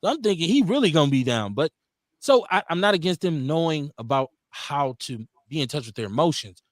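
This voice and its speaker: A middle-aged man hosting a live talk radio show, telling stories and acting out quotes in a casual, animated way. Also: fairly high pitch, fairly quick, no room sound, studio quality. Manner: animated storytelling, acts out quotes.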